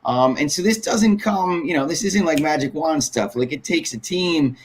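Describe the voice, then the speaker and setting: A man's voice: on the high side, moderate pace, slightly rough. A man, a voice actor, talking earnestly and at length on a panel, circling back with restarts. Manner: earnest, rambling, many fillers and restarts. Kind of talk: casual panel talk.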